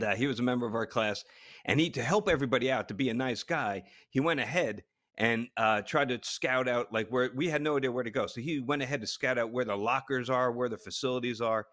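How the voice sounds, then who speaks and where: A man's voice: mid-range voice, a bit bright. A middle-aged man and podcast co-host telling a funny story in casual chat, often breaking into laughter and restarting his sentences. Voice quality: short of stature (said), plain voice. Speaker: podcast co-host, former astronaut.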